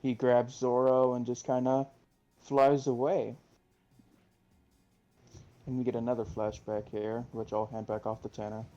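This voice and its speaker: A man co-hosting a podcast in a relaxed way, hesitating as he recaps a comic. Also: mid-range voice, measured pace, long pauses, soft background music. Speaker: podcast co-host. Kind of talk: casual chat, recapping a comic. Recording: dull lo-fi sound.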